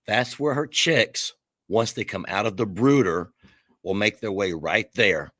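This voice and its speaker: A relaxed man chats casually, as if giving a home tour on a laptop. His voice sits fairly low, and the sound is dry and close, with almost no room around it. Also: unhurried, dry recording. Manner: relaxed, rambling, self-correcting. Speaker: host. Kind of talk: casual chat. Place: home and backyard. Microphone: laptop mic.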